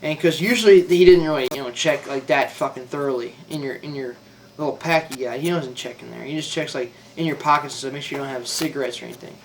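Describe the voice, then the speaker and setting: Heard from a distance with a little hiss or hum, a young man speaks fast at a medium pitch. The former Marine rambles through a profane story about his service, saying "like" and "dude" constantly.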